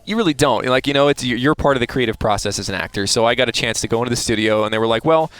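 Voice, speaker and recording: A man, a voice actor being interviewed, talking in a chatty, relaxed way with many restarts. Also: medium pitch, very fast, clear, resonant tone, dry recording. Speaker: voice actor guest.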